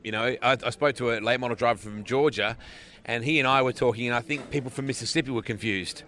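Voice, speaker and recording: An Australian race announcer in his forties chats easily in a casual interview, talking fast in a mid-range, slightly bright voice. He's easygoing and jokey, laughing often.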